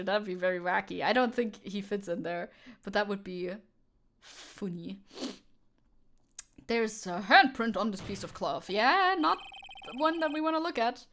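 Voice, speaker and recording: A woman streaming a video game, chatting casually and thinking aloud with quick self-corrections. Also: mid-range voice, lively intonation, fairly bright tone.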